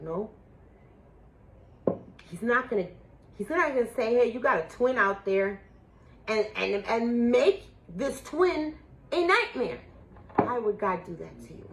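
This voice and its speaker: A woman doing a casual spiritual tarot reading for her viewers, emotional and a little profane, swinging between excited outbursts and hushed awe. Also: mid-range voice, gravelly, slight background noise, low-quality recording. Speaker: tarot reader.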